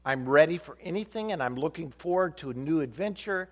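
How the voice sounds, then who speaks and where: Pastor, male, lively storytelling sermon, fairly high voice, swings widely in pitch. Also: a little fast. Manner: animated, acts out dialogue with shifting voices.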